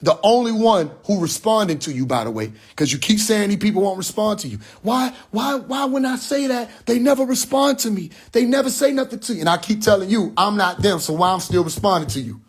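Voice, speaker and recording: A man's voice: high voice, expressive, a little fast, few pauses, breathy edge. A man ranting in a vlog, agitated and profane, repeating his points. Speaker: rapper and online commentator. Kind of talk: emotional vlog rant.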